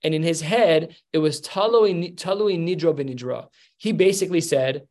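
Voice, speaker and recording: A man's voice: fairly high pitch, a little fast, hardly any pauses, darkish tone. Man teaching a Talmud class. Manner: explains step by step, acts out quoted lines. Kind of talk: Talmud lesson.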